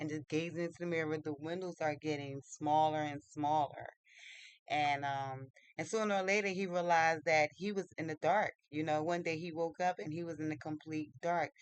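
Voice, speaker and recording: A casual storyteller retelling a tale in a mid-pitched voice, halting often and restarting sentences. The grammar is loose and informal. The sound is close and dry. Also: smooth, dry recording, rough recording. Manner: halting, many fillers and restarts.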